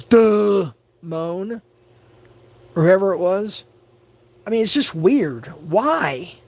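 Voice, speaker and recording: A man on a livestream delivers an agitated rant in a fairly high voice. He stammers, doubles back on his words and repeats himself as he talks. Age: adult. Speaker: livestream host.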